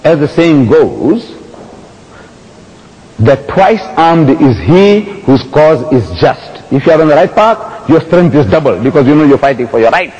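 Male public lecturer, husky and fairly high-pitched, emphatic and repetitive, recorded dull in a large echoing hall. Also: a little slow. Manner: animated storytelling, emphatic repetition, rhetorical questions. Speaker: Islamic lecturer.

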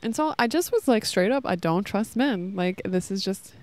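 In an expressive mid-range voice with no room sound, a podcast host in her thirties speaks at a moderate pace. Her casual spiritual talk on love and self-worth is earnest and rambling, packed with fillers, and was recorded outdoors in a park while children played nearby.

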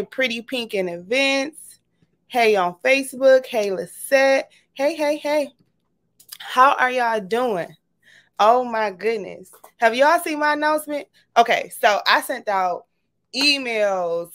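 A bubbly woman chats casually on her livestream and greets viewers by name. Her voice sits a little high. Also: a bit bright. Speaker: livestream host.

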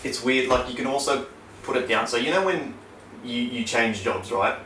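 A man's voice: moderate pace, a little hiss or hum. A young man, co-hosting a casual podcast chat, swearing freely and telling stories with lots of energy. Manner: swears a lot, animated storyteller. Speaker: podcast co-host. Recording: roomy, distant low-quality backup mic.

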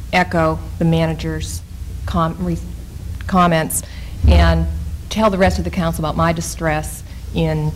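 A woman town councilor speaking firmly and in a measured way at a public meeting, openly frustrated with how things are being handled. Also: deep voice, slight background noise, low-quality recording.

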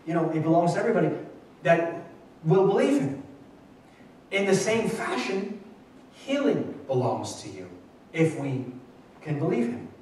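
A man's voice: fairly high pitch, a little mellow, slight background noise. A man preaching a sermon at a midweek church Bible study, talking conversationally and often restarting his sentences. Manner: conversational and repetitive, with frequent restarts. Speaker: pastor. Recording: echoey church room, mic far off.

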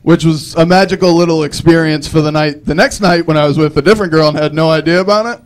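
A man's voice: fairly high pitch, steady tone, quick pace. A young man doing a live stand-up set, telling rambling self-deprecating stories with frequent restarts. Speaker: stand-up comedian.

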